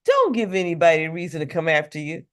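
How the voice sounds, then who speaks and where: A man with a slightly high voice calls in to a radio show. He gives firm opinions in a calm, steady way. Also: fast talker, clean tone. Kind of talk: call-in radio talk.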